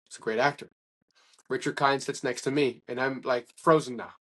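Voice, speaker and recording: A man's voice: mid-range voice, moderate pace. A man being interviewed, telling stories in a casual, rambling way with many restarts and quoted dialogue. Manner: rambling, animated anecdotes with restarts and acted-out quotes. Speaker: interview guest. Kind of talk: casual conversational storytelling.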